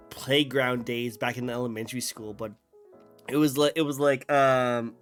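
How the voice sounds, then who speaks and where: A man hosting a casual interview, telling a silly playground joke with many hesitations. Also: mid-range voice. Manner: hesitant, many fillers and restarts. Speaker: host.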